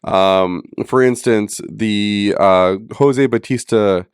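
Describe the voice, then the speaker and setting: A man's voice: on the low side, slow, smooth, dry recording, clean studio sound. A middle-aged man co-hosting a podcast, chatting casually and teasing with frequent laughs. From Manitoba, Canada. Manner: joking, teasing, laughs often. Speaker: podcast co-host. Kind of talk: casual chat.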